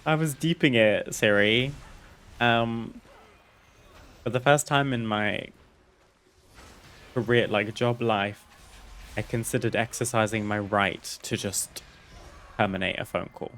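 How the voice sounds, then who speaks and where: A man's voice: on the low side, steady tone, slow, long pauses, a bit bright. A man streaming a game, chatting casually and candidly as he tells a personal story, laughing and swearing freely. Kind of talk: casual storytelling over gameplay.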